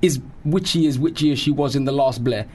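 A man's voice: medium pitch, a little fast, crowd noise. A man co-hosting a radio show, bantering playfully and teasing his co-host. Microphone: studio microphone.

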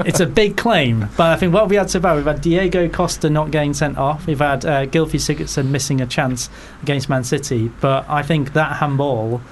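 A man hosting a casual football podcast, rambling with jokes and quick asides. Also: fairly high pitch, steady tone, slight background noise. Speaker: podcast host.

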